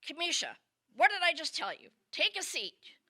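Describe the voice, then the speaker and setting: A woman's voice: very high voice, very animated, moderate pace, sharp tone, pitched above the performer's own voice, heavily acted. A woman voicing a strict schoolteacher who gives curt, commanding orders. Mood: stern. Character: strict middle-aged female schoolteacher.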